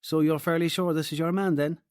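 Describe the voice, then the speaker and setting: A man's voice: a little high, fairly even intonation, fairly quick, darkish tone, no room sound, clean studio sound, voice pushed up, close to an everyday voice. A man voicing a genial middle-aged police inspector with a Cork accent, chatty and hearty.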